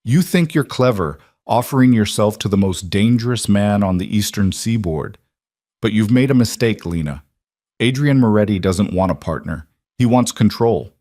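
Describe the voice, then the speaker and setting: A man's voice: lowish voice, lively intonation, moderate pace, dark tone, no echo, lightly acted. An enraged, bullying father snaps with contempt, as a male narrator acts him out. The reading sits close to the mic and dry. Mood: furious. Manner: hissing, contemptuous. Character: furious middle-aged mob father, cruel and bullying. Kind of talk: audiobook storytelling.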